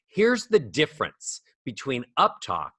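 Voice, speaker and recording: A man teaching as a voice coach guest on a podcast, animated and demonstrating rising and falling speech melodies. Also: medium pitch, measured pace, breathy edge, no room sound, clean studio sound. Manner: demonstrates speech melodies with sung-up acted examples. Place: studio.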